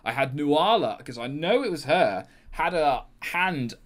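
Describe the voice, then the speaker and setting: A man, a podcast guest telling an animated story with frequent laughter and swearing. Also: on the high side, a little slow. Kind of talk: casual podcast chat.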